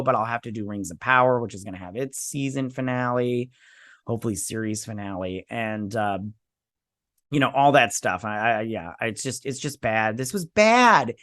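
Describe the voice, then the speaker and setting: A man's voice: mid-range voice, sharp tone, clean tone, dry recording, studio quality. A man hosting a casual review vlog, blunt, sarcastic and dismissive in tone. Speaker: host.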